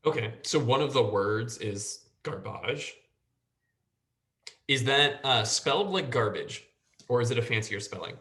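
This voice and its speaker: A man's voice: mid-range voice, animated, measured pace, sharp tone. A man hosting a casual school podcast, prompting the group with questions and laughing easily. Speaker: podcast host guiding discussion.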